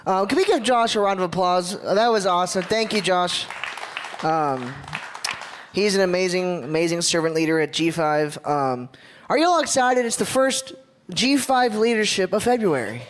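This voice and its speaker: A man's voice: high-pitched, animated, normal speed, noisy background. A man from Ohio giving a casual, upbeat church leadership talk, joking and drawing in the audience.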